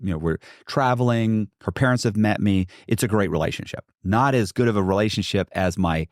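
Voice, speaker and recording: A man's voice: fairly low pitch, a little fast, dry recording, clean studio sound. A middle-aged American man, a podcast guest, telling a long story in a rambling way with many restarts and asides. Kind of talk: casual storytelling.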